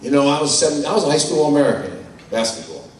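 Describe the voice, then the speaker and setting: An older man from New York tells his story bluntly and candidly, with salty language, in a voice sitting a little high. He speaks in a large conference hall, and the sound rings with heavy echo from a mic placed far away. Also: big pitch swings, racing. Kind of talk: personal testimony talk.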